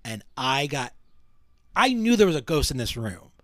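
Co-hosting a podcast, a man rambles through ghost stories with frequent restarts and fillers. His medium-pitched voice swings widely in pitch, with a fairly bright tone at a moderate pace, and the audio has no echo.

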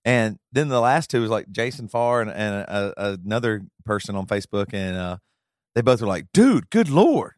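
A man's voice: lowish voice, fairly even intonation, dry recording, studio quality. A man co-hosting a podcast, teasing the others in casual chat. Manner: teasing, quick back-and-forth with laughs. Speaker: podcast co-host.

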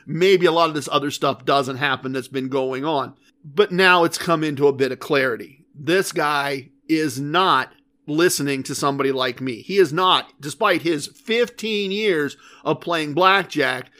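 A man's voice: high-pitched, sharp tone. A man hosting a podcast, telling a story in a chatty, wry way and laughing at himself. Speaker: podcast host.

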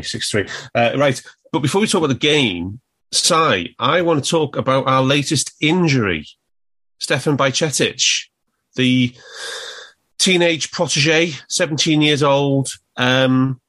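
A man's voice: mid-range voice, a bit bright. Male podcast host, mid voice, jokey and chatty. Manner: jokey, laughs often. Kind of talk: casual sports podcast chat.

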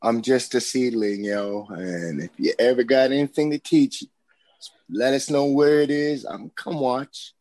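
A man's voice: mid-range voice, steady tone, a little slow, darkish tone. A man in a casual group chat, slangy and joking, laughing often.

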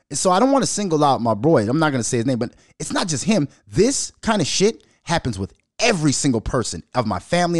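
A young adult man from Minnesota hosting a casual solo podcast, telling a story in a profane, animated way and laughing as he goes. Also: on the high side, no room sound, studio quality. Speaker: podcast host.

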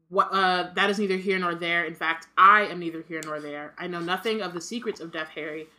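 A woman's voice: on the low side, bright, forceful tone. A woman reading aloud the formal, melancholy lines of an old male ghost in her own voice.

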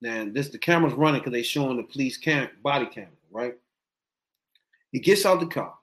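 A man's voice: mid-range voice, brisk. A man telling a story in casual, profane, slangy chat and acting out what people said. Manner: animated, profane, slangy, acts out quotes.

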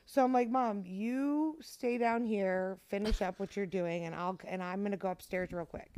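A woman in her twenties telling a story in casual chat, animated, laughing often and swearing. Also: mid-range voice, moderate pace, clean tone, no echo. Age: 20s.

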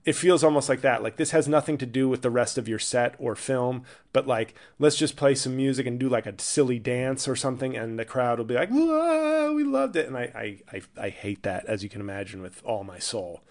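A man's voice: medium pitch, steady tone, fairly quick, hardly any pauses. Rambling male comedian podcaster. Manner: rambling, self-interrupting, irreverent. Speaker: podcast host, stand-up comedian. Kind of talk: casual comedic monologue.

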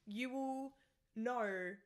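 Young woman, casual podcast co-host, a bit high-pitched, chatty and scattered, recorded at home on a studio mic. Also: very slow. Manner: rambling, giggly, loses her thread. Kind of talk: casual chat. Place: living room of a new house, on a couch. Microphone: studio mic with pop filter.

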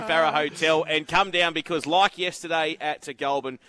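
A man's voice: a little high, steady tone, normal speed, sharp tone, dry recording. Chatty Australian man spinning yarns. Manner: rambling anecdotes with frequent laughs. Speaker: racing presenter on the road. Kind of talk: casual radio chat, storytelling.

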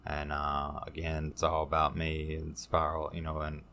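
A man, a podcast guest telling his recovery story in a halting, casual way, full of fillers and restarts. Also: extremely low pitch, monotone, sharp tone.

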